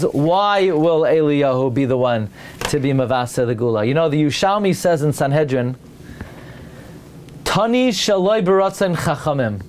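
A man giving a Torah lecture, weaving in many Hebrew and Aramaic terms, and his voice climbs as he builds each point. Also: slight background noise. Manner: animated, rising pitch when building a point. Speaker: rabbi giving a Torah class.

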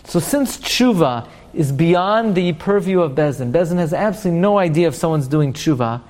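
A man teaching an online Torah class, explaining texts in an animated, jokey way. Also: sits high.

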